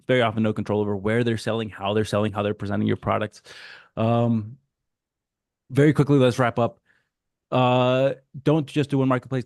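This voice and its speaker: A man from Mexico giving a casual, animated webinar presentation over a video call, slipping into quick voices for customers. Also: on the low side, no echo, studio quality. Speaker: guest speaker.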